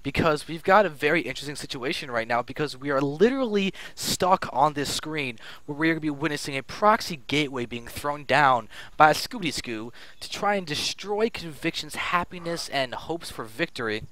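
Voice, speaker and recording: A young man casting a live strategy game match as stream host, excitable and prone to loud bursts at big plays. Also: a little high, normal speed, few pauses. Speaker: esports caster and stream host. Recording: faint background noise.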